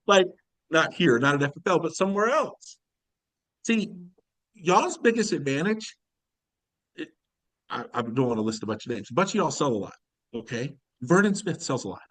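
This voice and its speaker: A man's voice: a little high, fairly bright tone, no room sound, low-quality recording. A man giving a casual sales coaching talk on a video call, acting out quoted conversations and laughing often. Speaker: insurance sales leader. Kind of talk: casual recruiting training talk.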